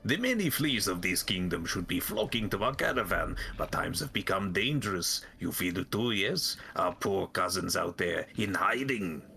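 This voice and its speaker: A man's voice: deep voice, sing-song, creaky, sharp tone, slight background noise, full character voice. A man putting on a grand flea caravan leader with a mock French accent. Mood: pleading. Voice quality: clumsy mock French accent drifting into Russian. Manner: slow, grand and courteous. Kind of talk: voicing game characters on a live stream.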